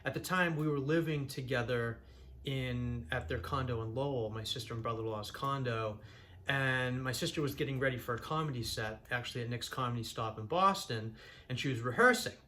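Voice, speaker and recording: A man's voice: mid-range voice, a little fast, sharp tone. A young man from Massachusetts, telling his own story in an earnest, rambling way with frequent restarts. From Massachusetts, USA. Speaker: channel host sharing his own story. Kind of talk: candid personal storytelling.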